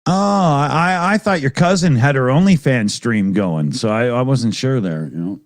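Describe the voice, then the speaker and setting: A man's voice: mid-range voice, lively intonation, normal speed, no echo, clean studio sound. A man co-hosting a live stream, reading out viewer super chats in a loose, rambling, profane way and laughing often. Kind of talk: casual live-stream chat.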